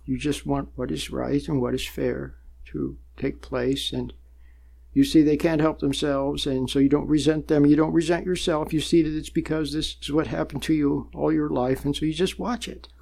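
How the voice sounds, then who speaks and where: A man teaches meditation in a relaxed, conversational way, repeating himself and chuckling as he goes. His voice sits a bit high and has a gravelly edge. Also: normal speed. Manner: conversational, repetitive, chuckles often. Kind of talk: spoken teaching on a program.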